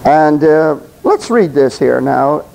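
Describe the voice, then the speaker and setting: A man's voice: fairly high pitch, expressive, slow, creaky, darkish tone, low-quality recording. A man preaching a sermon, talking straight to the congregation with emphatic repetition and stumbling now and then as he reads aloud.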